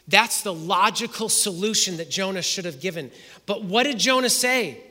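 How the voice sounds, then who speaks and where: A man delivers an expository sermon in a high, bright voice. He reads scripture and retells the story in first person, pausing to ask his listeners questions. The recording carries a long hall reverb. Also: expressive. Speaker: preacher.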